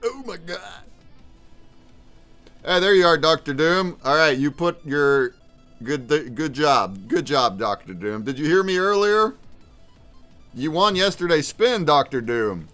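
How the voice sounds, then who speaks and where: A man's voice: a little high, lively intonation, a little slow, pushed and bright, soft background music. A man hosting a livestream in casual chat, hyped and calling out viewers by name. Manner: hyped, calls out chatters by name. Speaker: livestream host.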